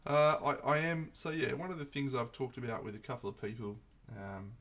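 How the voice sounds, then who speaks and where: A man's voice: medium pitch, expressive, a little fast, fairly bright tone. A man chatting casually on a live stream while painting miniatures, reflective and rambling, often restarting his sentences. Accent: Australian.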